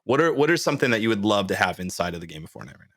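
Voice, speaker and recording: A man's voice: lowish voice, very animated, very fast, a bit bright, dry recording, studio quality. A man hosting a gaming podcast, asking questions in a playful, joking way. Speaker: podcast host. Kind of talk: casual podcast interview.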